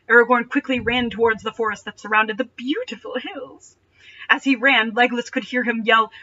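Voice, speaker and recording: Young woman reader, bright tone, deadpan sarcastic asides, slightly distant, lo-fi home recording. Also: a little high, brisk. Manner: dry, mocking, deadpan asides. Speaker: reader and commentator. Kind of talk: reading fanfiction aloud with sarcastic asides. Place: bedroom at home.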